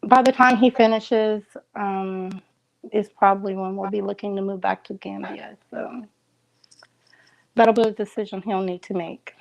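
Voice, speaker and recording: A woman guest on a live stream, answering questions in a calm, matter-of-fact way. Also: medium pitch, unhurried, creaky, muffled recording. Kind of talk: casual interview chat.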